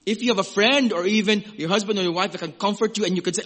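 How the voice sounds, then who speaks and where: A man preaching a sermon in a conversational, animated way, swinging from loud exclamations to hushed, gentle passages and acting out little quoted voices. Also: sits high, racing, few pauses. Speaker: pastor.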